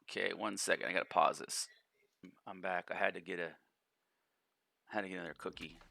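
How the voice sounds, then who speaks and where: A man's voice: low-pitched, steady tone, a little fast, vocal fry, bright, forceful tone. A man casually commenting on his gameplay in a rambling, profane way, often repeating and restarting words. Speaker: gaming channel host.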